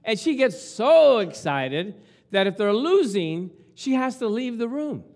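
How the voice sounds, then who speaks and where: A man's voice: sits high, unhurried. A man preaching a sermon as pastor, telling stories and acting out quotes with lots of passion. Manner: animated, storytelling with acted-out quotes.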